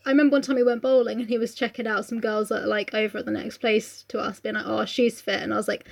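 A woman's voice: a little high, flat delivery, quick pace, vocal fry. A woman co-hosting a casual book chat, swearing freely and reading passages aloud. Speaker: podcast co-host.

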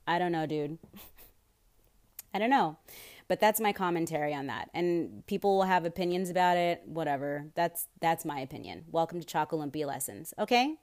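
A woman's voice: on the low side, moderate pace, darkish tone. A young woman hosting her own podcast, rambling in casual chat, swearing freely and getting worked up with outrage. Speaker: podcast host. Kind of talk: casual solo podcast talk.

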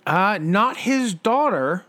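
A man's voice: high voice, animated, slow, fairly bright tone. A man co-hosting a casual movie chat, with dry, sarcastic remarks. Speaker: podcast co-host.

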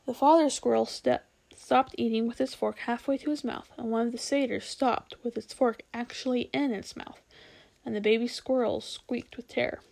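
A woman reading a children's novel aloud, expressive and unhurried, with small slips now and then. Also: on the high side, creaky. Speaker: storyteller.

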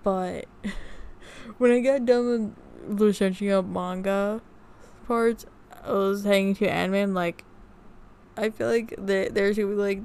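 Speaking in a clear, resonant mid-range voice, this woman vlogger casually shares her research with the camera. She takes her time reading off her notes, full of fillers and false starts.

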